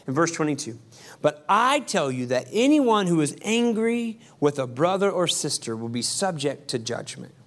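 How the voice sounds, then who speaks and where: A man preaching a sermon as pastor, conversational with quick asides and emphatic repetition. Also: on the high side, big pitch swings.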